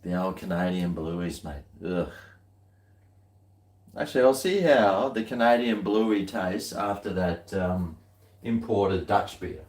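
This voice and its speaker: Slow, low-voiced Australian man, rambling. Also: animated, a little mellow, reverberant. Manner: rambling, dry, muttered asides. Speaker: beer-tasting vlogger. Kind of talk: casual chat while tasting beer.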